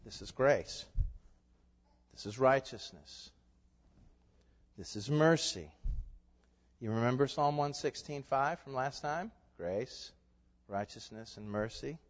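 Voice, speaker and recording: A man preaching a sermon as pastor, emphatic, asking rhetorical questions and swinging between loud declarations and hushed asides. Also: medium pitch, animated, slow, pauses often. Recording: echoey hall, dull lo-fi sound.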